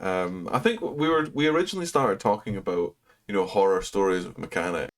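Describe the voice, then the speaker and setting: A man co-hosting a casual podcast chat, laid-back and quick to laugh. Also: sits low. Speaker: podcast co-host.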